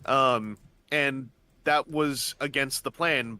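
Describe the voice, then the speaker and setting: A man's voice: a little high, expressive, normal speed, sharp tone, no echo. A man chatting casually on a gaming stream, explaining at length with lots of fillers and restarts. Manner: rambling, enthusiastic explainer, many fillers and restarts.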